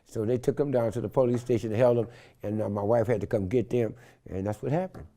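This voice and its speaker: An older man from San Francisco, telling stories in an interview with an animated, slangy manner and loud acted-out quotes. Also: mid-range voice, quick pace. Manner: animated, acts out quotes loudly, street slang. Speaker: interview guest. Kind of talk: storytelling in an interview.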